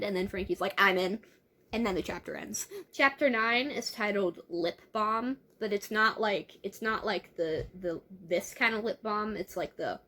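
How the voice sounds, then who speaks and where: A young woman with a mid-range, slightly bright voice reads a novel aloud and reviews it as she goes. She's chatty and wry, often stumbling over words and correcting herself during this casual read-aloud full of asides.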